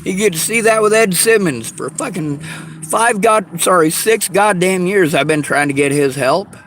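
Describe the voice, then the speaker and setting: Furious high-voiced man ranting outdoors. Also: normal speed, a bit bright, slight background noise, rough recording. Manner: furious, swearing heavily, bitter sarcasm. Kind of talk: angry personal rant.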